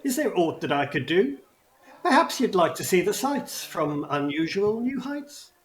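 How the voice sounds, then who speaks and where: A man's voice: high-pitched, sing-song, unhurried, echoey room, pitched above the performer's own voice. A man voicing a polite male goblin ride keeper who speaks in sing-song rhyming couplets. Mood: courtly, sing-song.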